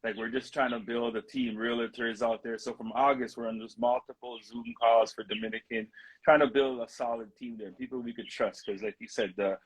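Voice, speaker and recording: A man's voice: medium pitch, steady tone, a little fast, breathy edge, poor audio. A man guest, talking earnestly about his real estate projects in a casual interview and often repeating words as he speaks. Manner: repeats words while he finds them, plain and earnest.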